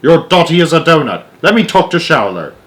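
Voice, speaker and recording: A man voicing a rude, blustering male President with a rasping voice, in a storybook read-aloud. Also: a little high, very animated, fairly quick, fairly bright tone, voice pushed up, rough recording. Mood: bossy, barking. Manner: barking, impatient.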